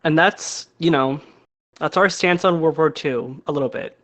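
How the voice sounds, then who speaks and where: Podcast co-host, fairly high male voice, chatty and agreeable, casual talk over a call mic. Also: moderate pace, fairly bright tone. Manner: chatty, agreeable, frequent yeahs. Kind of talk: casual chat.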